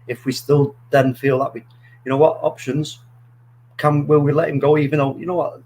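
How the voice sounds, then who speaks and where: Man, podcast host, casual football talk, rambling, animated storytelling. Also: on the high side, moderate pace, slight background noise, poor audio.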